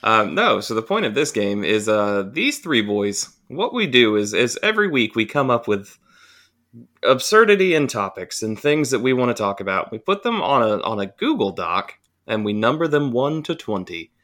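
A man's voice: mid-range voice, big pitch swings, moderate pace, fairly bright tone. A man hosting a casual podcast, joking with friends and explaining the rules of their dice game. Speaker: podcast host.

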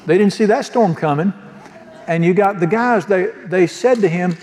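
A man's voice: high voice, moderate pace, darkish tone, big-room sound. A man preaching a sermon as pastor, folksy and joking, often asking the congregation questions. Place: church sanctuary.

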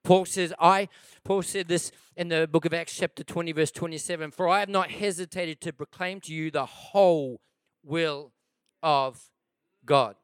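A man preaching a sermon to his church, calling out "come on" and moving between loud, driving passages and quiet, drawn-out emphasis. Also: on the high side, smooth, no echo, clean studio sound. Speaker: pastor.

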